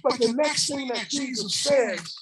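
Woman preacher, fairly high voice, fervent outdoor sermon, shouted emphasis, picked up from a distance. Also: measured pace, background noise. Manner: impassioned, shouting emphatic lines, calling out to the crowd. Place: outdoors in a park.

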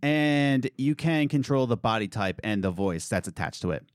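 A man hosting a casual podcast chat, talking in an animated, joking way with restarts and asides. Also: medium pitch, normal speed, clear, resonant tone, no room sound, clean studio sound. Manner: animated, jokey, wordy with restarts. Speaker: podcast host.

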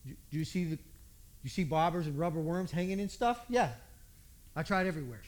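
A male preacher tells a story in a relaxed, folksy sermon. He acts out the people in it with lively voices. His voice sits high for a man. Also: brisk.

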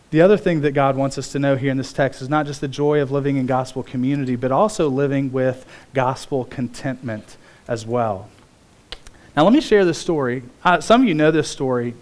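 A man preaching a sermon as pastor, telling stories in an animated way with big swings in pitch.

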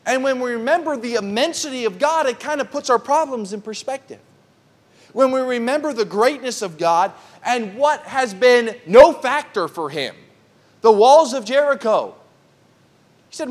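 A male pastor preaching a midweek sermon, reading scripture slowly and earnestly and sometimes restarting his phrases. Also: extremely high pitch, expressive. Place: church.

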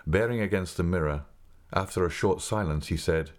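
A man narrating a novel as an audiobook in an even, measured reading. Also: a bass voice. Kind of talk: scripted narration.

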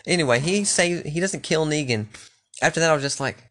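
A man's voice: a little high, sing-song, moderate pace, a bit bright. Rambling, profane young man. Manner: loose, profane, rambling with restarts. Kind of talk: casual rambling chat.

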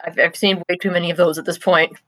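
A woman co-hosting a casual podcast review, offhand and a little halting, recorded remotely over a call. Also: fairly low pitch, little pitch movement, fairly bright tone, no room sound, low-quality recording. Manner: offhand, talks while chewing, with frequent ums and restarts. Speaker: podcast co-host.

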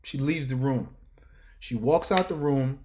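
A middle-aged man from Harlem with a New York accent, a fashion designer telling stories as an interview guest, slangy and animated, acting out the people in his stories. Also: mid-range voice, unhurried, a little hiss or hum. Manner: animated storyteller who acts out voices, slangy. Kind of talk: casual storytelling interview.

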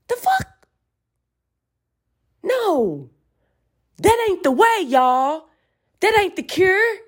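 A woman podcast host in an emphatic spiritual rant, fiery and profane. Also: extremely high pitch.

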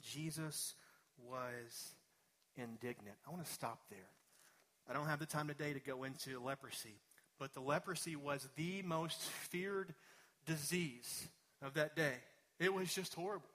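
Preaching man, higher-pitched voice. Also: measured pace, pushed and bright. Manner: conversational preaching, building to emphatic peaks. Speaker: pastor. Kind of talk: sermon.

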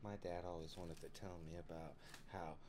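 A man's voice: deep voice, little pitch movement, moderate pace, a little mellow, slight background noise. A man from Tennessee co-hosting a casual live stream chat, laid-back and swearing freely as he laughs along. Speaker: podcast co-host.

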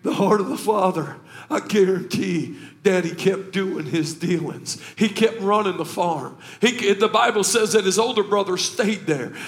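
A man preaching a sermon. He swings from quiet to shouting with emotion and says he is emotional this morning. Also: high voice, unhurried, few pauses. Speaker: pastor.

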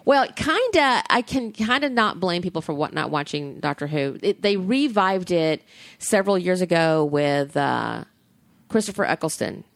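Woman podcast co-host, lower pitch, dry close sound, effusive fan chatter. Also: moderate pace, no room sound. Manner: gushing, animated, swears freely. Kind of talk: casual chat.

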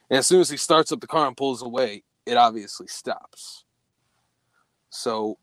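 Profane young man telling a ghost story. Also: dry recording. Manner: profane, animated, voice jumps high when quoting himself. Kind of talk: casual storytelling.

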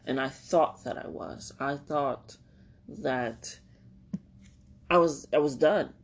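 Husky low-voiced woman, candid podcaster. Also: slow. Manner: rambling and candid, laughs often, swears casually. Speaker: podcast host. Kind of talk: casual solo podcast monologue.

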